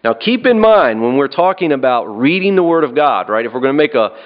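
A man's voice: medium pitch, big pitch swings, a little fast. A man preaching a sermon in an earnest way, often repeating and restarting his phrases and checking in with "right?". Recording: dull lo-fi recording.

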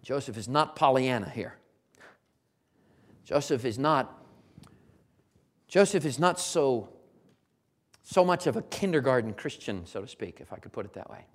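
A preacher working through a sermon with a lively, rising-and-falling pitch. The delivery swings from loud, emphatic bursts down to hushed, low asides. Words get repeated and phrases restarted as the thoughts pile up. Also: measured pace, pauses often. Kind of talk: expository sermon.

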